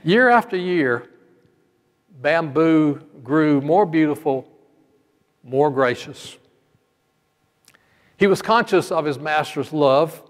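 A male pastor telling a parable during a sermon in a slow, measured storytelling manner. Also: fairly high pitch. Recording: long hall reverb.

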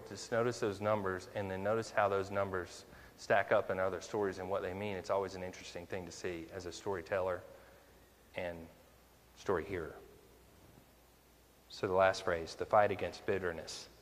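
A man's voice: sits low, flat delivery, brisk, in a large hall. A male minister preaching a conversational sermon, full of rhetorical questions to the congregation.

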